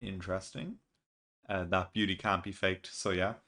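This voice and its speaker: A man's voice: low voice, fairly even intonation, moderate pace, bright, forceful tone. A man hosting a reaction video, casually recapping a comic chapter and thinking aloud, reading the dialogue out plainly. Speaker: manga reaction video host.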